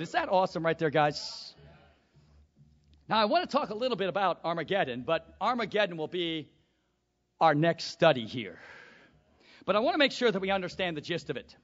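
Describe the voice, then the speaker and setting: A man preaching a sermon to a congregation, swinging from quiet asides to shouted peaks and calling for amens. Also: high voice, sing-song, moderate pace, long pauses, in a large hall, lo-fi sound.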